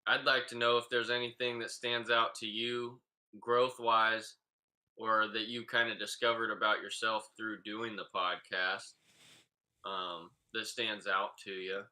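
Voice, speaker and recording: A man co-hosting a casual podcast, talking in a loose, relaxed way with many filler pauses. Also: lowish voice. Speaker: podcast co-host.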